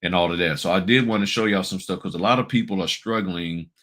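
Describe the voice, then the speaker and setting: Low-voiced man giving blunt business advice. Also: fast, fairly bright tone. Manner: blunt, rhetorical questions, colloquial. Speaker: notary business channel host. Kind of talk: casual advice talk with screen walkthrough.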